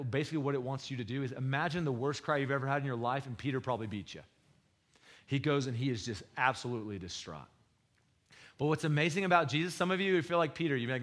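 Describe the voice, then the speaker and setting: A man preaching a sermon in a conversational, slangy way, swinging between loud bursts and hushed, low retellings of scripture. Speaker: pastor.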